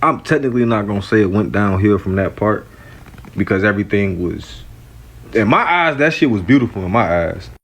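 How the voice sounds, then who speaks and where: A man's voice: fairly low pitch, expressive, fairly quick. A man telling a loose, joking storytime. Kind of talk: casual storytime.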